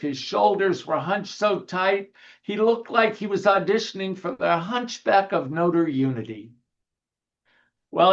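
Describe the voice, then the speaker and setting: A male minister preaches slowly and gently over a video call, with a fairly high voice for a man. He guides slow breathing and slips in dry little jokes. The call audio is dull and lo-fi. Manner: gentle, unhurried, guides breathing, humorous anecdotes. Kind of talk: sermon.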